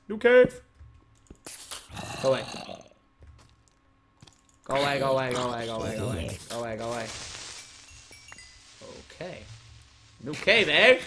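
Excitable young man commentating gameplay. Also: on the low side, background noise. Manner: excitable, talks to the game's creatures, sudden loud outbursts and swearing. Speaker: gaming video host.

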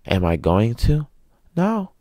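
A man's voice: low voice, animated, a little slow, vocal fry, dark tone, dry recording, clean studio sound. A man hosting his own podcast, ranting sarcastically and answering his own questions. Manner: sarcastic, asks himself questions and answers them. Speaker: podcast host. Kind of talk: casual ranting monologue.

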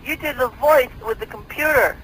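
A man's voice: extremely high pitch, normal speed, bright, forceful tone, low-quality recording. A man voicing a whiny young male caller on a prank call, indignant and accusing.

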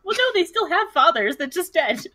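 A woman playing a blunt, money-minded halfling in a tabletop game, talking in a dry, deadpan way. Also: very high voice, brisk. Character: blunt mercenary female halfling who wants pay. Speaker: player. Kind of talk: in-character tabletop role-play.

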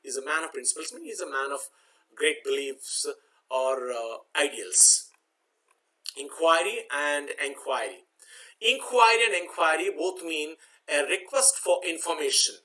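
A man's voice: on the high side, normal speed, pushed and bright, low-quality recording. A man teaching a vocabulary lesson, spelling words out letter by letter and repeating each point with "okay". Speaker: English teacher. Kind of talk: exam-prep vocabulary lesson.

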